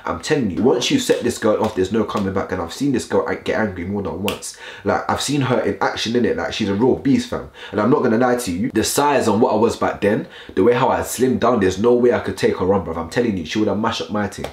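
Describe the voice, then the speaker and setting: Fast-talking deep-voiced man. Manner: slang-heavy, animated storytelling to viewers. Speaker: vlogger. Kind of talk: storytime vlog. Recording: roomy echo.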